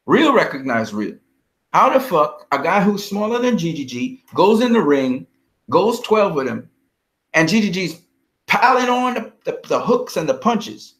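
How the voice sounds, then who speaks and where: A man's voice: high voice, a bit bright. A man vlogging about boxing in a heated, profane, confrontational rant. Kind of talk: ranting fight commentary.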